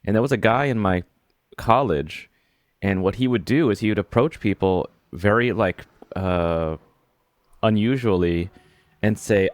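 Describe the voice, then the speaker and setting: A man's voice: lowish voice, unhurried, no room sound. Exasperated man telling a story. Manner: animated storytelling, exasperated, frequent restarts and laughs. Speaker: podcast co-host. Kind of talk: casual book discussion.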